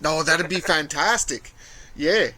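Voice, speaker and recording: Podcast host guy, slow drawl, bright higher voice, cracks jokes. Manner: jokey, laughs a lot. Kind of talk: casual chat.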